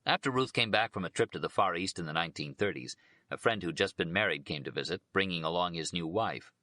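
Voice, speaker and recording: Deep-voiced man reading an audiobook. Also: quick pace, pushed and bright, no room sound. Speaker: audiobook narrator.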